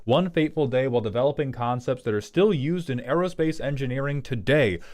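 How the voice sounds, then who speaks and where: A man streaming live as a reviewer of viewers' card game decks, talking casually and profanely with loud outbursts. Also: mid-range voice, a little fast. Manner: animated, profane, breaks into loud outbursts and laughter. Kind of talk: casual livestream commentary.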